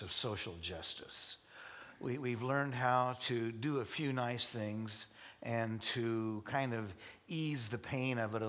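A male pastor preaching to his congregation, halting with many restarts and light joking asides. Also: mid-range voice, pushed and bright. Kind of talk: sermon. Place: church service before a congregation.

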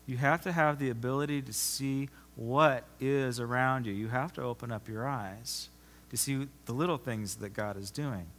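A man preaching a sermon as pastor, emphatic, often repeating himself and swinging from loud to soft. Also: medium pitch, moderate pace. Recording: long reverb of a large hall.

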